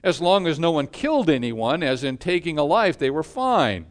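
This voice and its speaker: A male pastor preaching a sermon in a measured way, letting his voice fall quiet at the ends of phrases. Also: a little high, big pitch swings.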